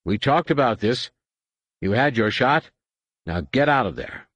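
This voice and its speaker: A man voicing a brisk male squadron leader who speaks bluntly and urgently. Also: medium pitch, lively intonation, fairly bright tone, dry recording, voice pushed up.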